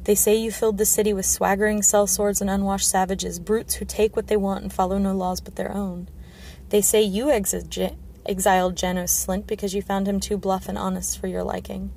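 A blunt, honest guard commander in a storybook, as a woman reads him. His words come steady and level, with a gravelly edge. A faint hiss is under the voice. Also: medium pitch, moderate pace, natural voice.

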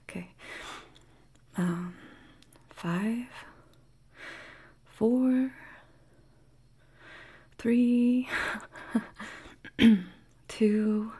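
A woman in a whispered role-play, talking in a breathy, stammering, pleading way and sounding out of breath. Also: fairly high pitch, dark tone. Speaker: audio role-play performer.

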